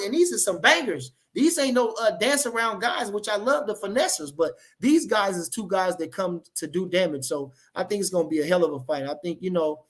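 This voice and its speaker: A man chatting casually on a livestream, reading out comments in rambling, repetitive, profane hype talk. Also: high-pitched.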